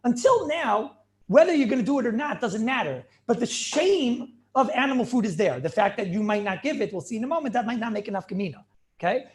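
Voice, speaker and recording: A rabbi teaches his class in an animated, chatty way, firing off questions and laughing often. He stumbles over repeated words as he restarts his thoughts. His voice sits high and his intonation swings widely. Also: fairly quick. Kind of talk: lively Talmud class lecture.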